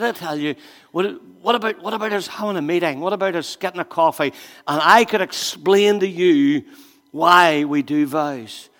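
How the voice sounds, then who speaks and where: A man preaching a sermon as a pastor, telling stories with acted-out voices and swinging from quiet asides to loud emphatic bursts. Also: on the high side, big-room sound.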